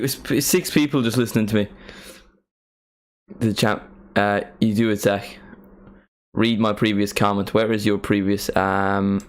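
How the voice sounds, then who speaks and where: This is a young man hosting a live football watchalong stream. He chats in a loose, rambling way and keeps joking as he goes. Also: lowish voice. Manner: playful, rambling, jokey. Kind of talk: casual live-stream chat.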